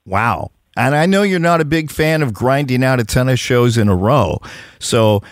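A man's voice: medium pitch, animated, normal speed, no room sound, clean studio sound. A man hosting a rock podcast, chatting and interviewing in an upbeat, promotional way. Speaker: podcast host. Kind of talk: casual radio-style interview.

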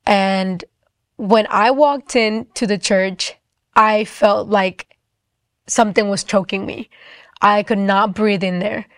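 A young woman telling a personal testimony story in a fast, chatty way, full of "like" fillers. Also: mid-range voice, fairly even intonation, no room sound, clean studio sound.

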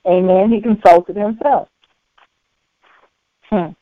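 A woman preaches at an unhurried, deliberate pace, circling back over the same phrases and punctuating them with amens. Her voice comes through narrow and tinny, like a phone line, with a dry sound and no room around it. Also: medium pitch, steady tone, dry recording. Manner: slow, repetitive preaching punctuated by frequent amens. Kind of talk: sermon.

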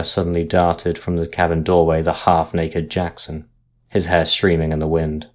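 Deep-voiced man narrating a ghost story. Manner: measured, dramatic storytelling.

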